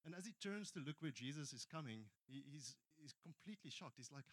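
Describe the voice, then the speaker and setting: A man's voice: a little high, animated, a little fast, few pauses, no echo. Earnest South African preacher man. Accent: South African English. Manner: storytelling preacher, earnest, with frequent restarts. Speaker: pastor. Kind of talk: sermon. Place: church.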